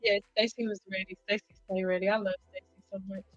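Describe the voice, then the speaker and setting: A woman hairstylist telling stories in a casual vlog, animated and acting out what people said. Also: medium pitch, fast talker. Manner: animated, acts out quotes, frequent "like". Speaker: hairstylist vlogger. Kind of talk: casual storytelling to camera. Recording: dull lo-fi sound with faint music behind.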